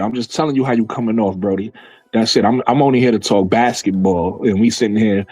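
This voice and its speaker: A man's voice: medium pitch, darkish tone, husky, no room sound, rough recording. Argumentative man talking basketball to chat. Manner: argumentative, repeats himself, answers chat comments. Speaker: basketball commentary streamer. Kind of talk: casual livestream commentary.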